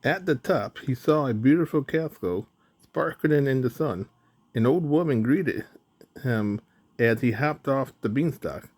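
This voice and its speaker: A man narrating a children's storybook in a slow, even reading. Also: medium pitch.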